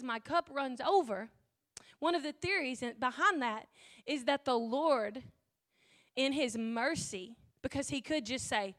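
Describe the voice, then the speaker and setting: Emotional woman preacher, high bright voice. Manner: emotional, weepy, rises to near-shouting passion. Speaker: pastor. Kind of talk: sermon.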